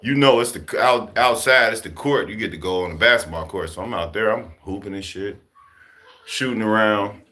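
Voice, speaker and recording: A man from Chicago casually telling a story to his viewers, profane and animated, laughing as he goes. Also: fairly low pitch, moderate pace. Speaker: vlogger talking to his viewers.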